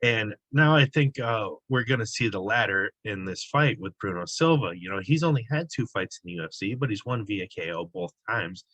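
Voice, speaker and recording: A man's voice: lowish voice, lively intonation, moderate pace, few pauses, a bit bright, dry recording, lo-fi sound. Man breaking down fight picks. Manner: conversational, frequent fillers and restarts. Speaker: sports betting analyst. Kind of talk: casual sports betting analysis.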